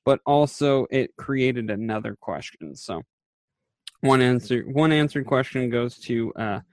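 A man's voice: mid-range voice, measured pace, no echo. A man in casual podcast chat, recapping a TV episode in a rambling way, with lots of fillers and quoted lines acted out. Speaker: podcast co-host.

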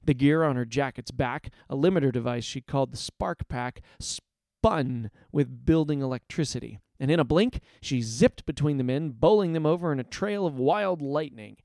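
A man narrating a story aloud in a measured, expressive reading voice. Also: mid-range voice, creaky, no echo, studio quality. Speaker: story reader.

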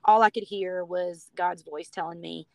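A woman's voice: fairly low pitch, fairly even intonation, normal speed, creaky, no echo, highs cut off. A woman from the United States telling her personal story as a guest on a podcast, chatty and heartfelt, with lots of "you know" and "like".

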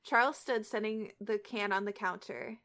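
A woman's voice: mid-range voice, moderate pace, pushed and bright. A young woman podcast host reading fan fiction aloud and chatting, hesitant with many fillers and restarts. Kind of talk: reading aloud and casual chat.

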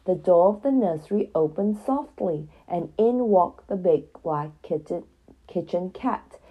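A woman reading a children's story aloud in a gentle, even storyteller manner. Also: on the low side, husky, poor audio.

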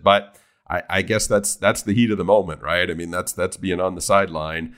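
A man's voice: low-pitched, fairly even intonation, normal speed, a bit bright. A man co-hosting a casual sports talk show, rambling and restarting his sentences as he talks. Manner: rambling, many restarts and repeated words. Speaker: sports podcast co-host.

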